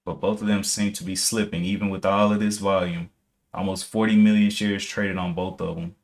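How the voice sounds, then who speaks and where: Man, low voice, live-stream trading talk, thinking aloud, casual and self-correcting. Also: little pitch movement, a little fast. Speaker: live stream day trader.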